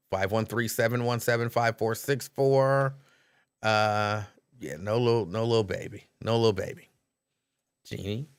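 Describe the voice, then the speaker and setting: A man hosting a live call-in stream, chatting casually, reading out viewers' names and laughing easily. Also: mid-range voice.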